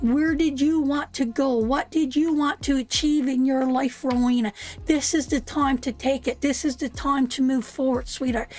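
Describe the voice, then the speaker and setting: A woman giving a live tarot reading. She is soothing and emphatic, keeps calling the listener sweetheart, and swears now and then. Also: high-pitched. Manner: soothing, repeats "sweetheart" often, emphatic and earnest. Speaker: tarot reader.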